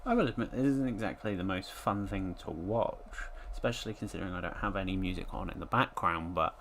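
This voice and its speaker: Gravelly man chatting to his dog. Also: low voice, a little fast, a bit bright, a little hiss or hum. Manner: rambling, talks to his dog, dry asides. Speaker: live streamer. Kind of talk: casual live stream chat.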